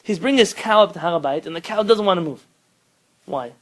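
Animated rabbi teaching a lesson. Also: male voice, high-pitched, fast talker, poor audio. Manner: animated storytelling, rising loud when quoting; mixes Hebrew terms into English. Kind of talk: informal Torah lesson.

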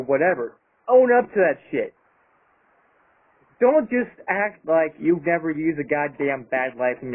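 Man, YouTuber, angry profane rant, fairly high voice, phone-like audio. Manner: angry, profane, emphatic ranting. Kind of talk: ranting vlog monologue. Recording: tinny phone-like sound.

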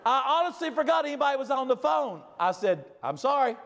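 A man preaching a sermon as pastor, swinging from loud emphatic repetition to quiet asides. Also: very high voice, sing-song, a little fast, in a large hall.

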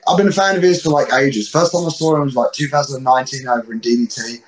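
A man's voice: mid-range voice, fast talker, rough recording. A man in his thirties with a London accent, a guest telling blunt, slangy, swear-laden stories in a casual interview. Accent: London English. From England. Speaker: guest wrestler.

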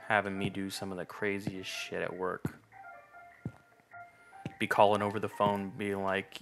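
A young man with a fairly low voice rambles through let's play commentary, swearing freely and sarcastic about everything he sees. Faint game music plays behind his voice. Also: level tone, unhurried, long pauses, a bit bright. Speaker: gamer.

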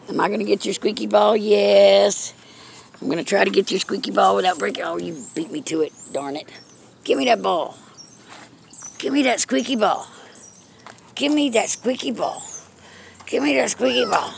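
Creaky-voiced woman cooing to her pets. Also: medium pitch, expressive, measured pace, long pauses, noisy background. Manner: sing-song, cooing, repetitive. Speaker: pet owner. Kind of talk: baby talk to her pets. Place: outdoors at home.

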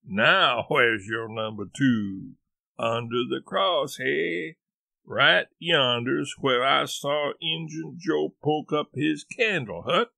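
Boastful adventurous boy, done by a male reader; bright, gravelly tone, dry room. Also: medium pitch, slow, no room sound, heavily acted. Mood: eager. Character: bold imaginative boy, Tom.

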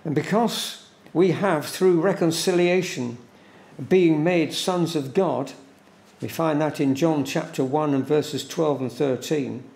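A man preaches a sermon at a very slow, deliberate pace, leaning on repeated words for weight. His voice is gravelly and sits a little high. The church around him adds a roomy echo. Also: darkish tone. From England. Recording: echoey church room.

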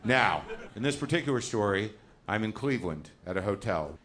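A middle-aged man performs stand-up before a live theater audience, telling a neurotic, profane, self-deprecating story. His voice is lowish with lively intonation and a moderate pace. The live stage recording is noisy and full of loud crowd laughter.

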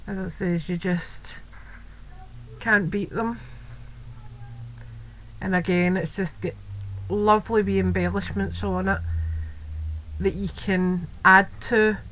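A woman's voice: medium pitch, fairly even intonation, slow, long pauses, fairly bright tone, poor audio. A Scottish woman chatting casually as she shows off a crafting item at home, gushing and full of "wee"s and "um"s. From Scotland. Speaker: crafting video host. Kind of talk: casual show-and-tell. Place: home, a child heard in the background. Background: faint household noise.

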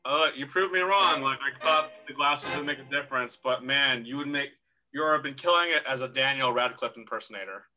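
A man performing improv comedy on a video call, brash and excitable. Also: medium pitch, brisk.

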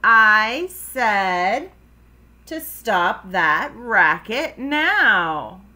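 A woman voicing a stern frog father in a slow, firm storybook read-aloud voice. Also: mid-range voice, very animated, sharp tone, heavily acted.

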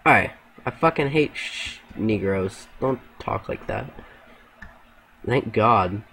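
A young man talking in gaming voice chat, excitable and crude, shouting to his teammates. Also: fairly low pitch, takes it slowly, creaky, slight background noise. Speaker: gamer.

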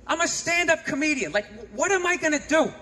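A man performing a stand-up comedy set, ranting sarcastically and breaking into shouts. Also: very high-pitched, lively intonation, a little fast. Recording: long hall reverb, audible noise.

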